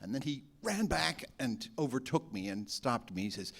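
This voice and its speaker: A man's voice: medium pitch, moderate pace, creaky. A man, an actor guest, telling anecdotes in casual talk and laughing often. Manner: laughs often, animated storyteller.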